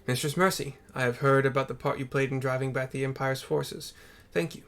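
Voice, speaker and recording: A man's voice: medium pitch, fairly even intonation, brisk, fairly bright tone, natural voice. A man voicing an earnest, formal nobleman in archaic speech, stumbling on hard words. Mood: solemn.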